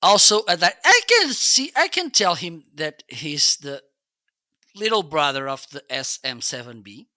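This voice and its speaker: A man's voice: a little high, sing-song, a little slow, pushed and bright, no echo. A man hosting a casual product review livestream, chatty and full of restarts, on a close studio mic. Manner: chatty, repeats "okay?", frequent restarts. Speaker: live-stream product reviewer. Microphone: close dynamic studio mic.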